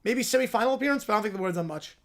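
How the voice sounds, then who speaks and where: A man hosting a livestream, dropping dry, low-key commentary between story readings. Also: expressive, racing, a bit bright. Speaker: livestream host.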